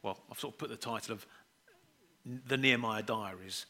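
A man's voice: fairly low pitch, brisk, bright, forceful tone. A middle-aged man preaching a sermon, telling chatty, self-deprecating family stories and acting out the voices in them.

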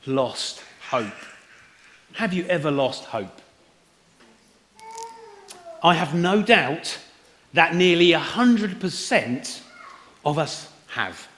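A man's voice: fairly high pitch, fairly bright tone. A man preaching an Easter sermon, talking conversationally and putting questions to the congregation. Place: church hall. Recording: roomy hall echo.

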